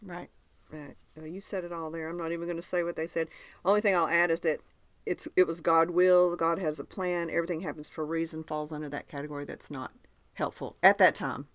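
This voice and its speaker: A woman hosting a podcast tells stories in a chatty, easy way and steers the talk along. Her voice sits a little low, and it is recorded close and dry. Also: fairly even intonation, brisk, no echo. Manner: chatty storyteller, leads the segment. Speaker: podcast host. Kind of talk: casual chat.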